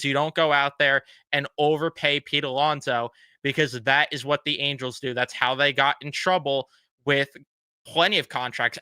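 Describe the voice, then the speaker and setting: A man's voice: mid-range voice, bright, forceful tone, clean tone, dry recording. A man co-hosting a casual sports podcast, blunt and exasperated, swearing freely. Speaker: podcast co-host.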